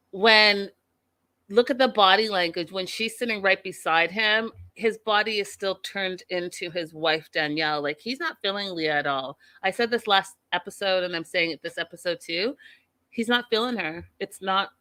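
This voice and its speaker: A woman's voice: medium pitch, pushed and bright, dry recording. A woman hosting a reality TV recap show, giving her opinions in blunt, outspoken, emphatic casual talk.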